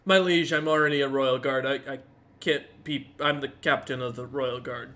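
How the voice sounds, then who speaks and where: A man's voice: medium pitch, fairly even intonation, normal speed, sharp tone, close to an everyday voice. A man voicing a dutiful male orc captain of the royal guard who speaks in a dry, formal, put-upon way.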